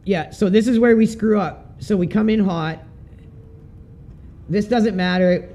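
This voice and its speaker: A relaxed, chatty man, talking through his sim racing replay for a live stream. His voice sits a bit higher than most men's, with a mellow, warm tone, and he swears casually. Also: unhurried, slight background noise. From Canada.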